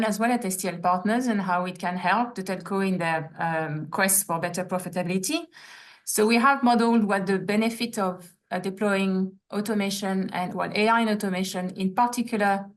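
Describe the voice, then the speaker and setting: A woman moderates an online panel discussion. She speaks politely at a measured pace and leans on frequent fillers between thoughts. Her voice sits at an ordinary middle pitch.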